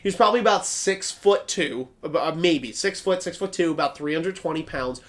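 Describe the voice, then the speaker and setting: A young man co-hosting a podcast, telling a story in casual chat, excitable, swearing often and laughing a lot. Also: a little high, fairly quick. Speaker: podcast co-host.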